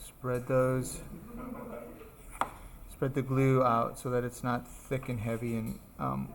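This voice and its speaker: An art instructor gives a live classroom demonstration in a craft class, thinking aloud and chatting casually about his steps as he works. His mid-range voice is creaky and flat, and he takes it slowly.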